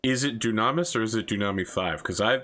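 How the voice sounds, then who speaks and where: A man's voice: on the low side, fast, a bit bright. A man hosting a tabletop game show, chatting casually and offhand. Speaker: host. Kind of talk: casual chat.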